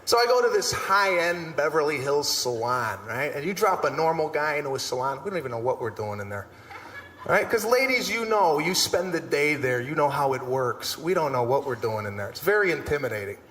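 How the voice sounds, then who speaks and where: A middle-aged man works a stand-up crowd with a fairly high voice, full of exasperated, animated storytelling. His voice rings through a big echoey hall from a stage mic, with faint room ambience behind it. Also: fairly quick, slight background noise. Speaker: stand-up comedian. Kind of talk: stand-up comedy routine. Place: large theater stage.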